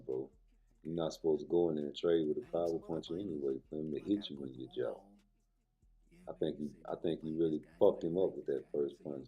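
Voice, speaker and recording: A man's voice: low voice, warm tone, husky, dull audio. A man ranting in slangy commentary on his vlog, tagging "man" onto nearly every phrase. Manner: heated slangy rant, ends phrases with "man". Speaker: vlogger and personal trainer.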